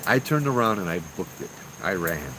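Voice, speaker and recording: A man telling his own ghost story in a casual, slangy, animated way, acting out what people said. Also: deep voice, moderate pace, background noise.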